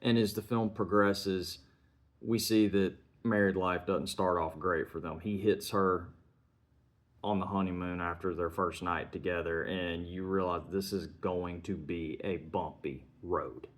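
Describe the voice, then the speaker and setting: Deep-voiced man retelling a film. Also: steady tone. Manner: earnest, measured, strings sentences together with "and". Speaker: film reviewer.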